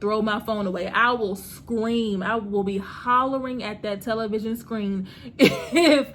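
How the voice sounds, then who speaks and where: A woman in a casual TV recap vlog, talking fast and loose with plenty of slang and frequent laughter. Her voice sits at an ordinary middle pitch. Faint background noise hums behind her. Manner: chatty and animated, slangy, laughs often. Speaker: host reviewing a TV series.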